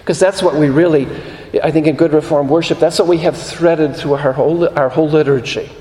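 A man's voice: on the high side, fairly even intonation, dark tone. Earnest preaching man in an echoey hall. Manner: earnest, repeats phrases for emphasis, slows on key lines. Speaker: pastor. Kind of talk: sermon. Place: church sanctuary.

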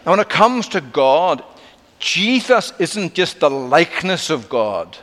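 Emphatic preacher in a reverberant hall. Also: male voice, fairly high pitch, big pitch swings. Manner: emphatic preaching with dramatic slowdowns and drops to a hush. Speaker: pastor. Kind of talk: sermon.

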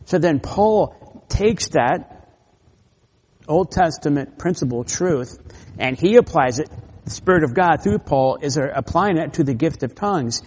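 A man's voice: mid-range voice, normal speed. A man preaching an expository sermon, explaining scripture verse by verse and pressing hard on key points. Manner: emphatic, rising loud on key points, repeats words. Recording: long hall reverb.

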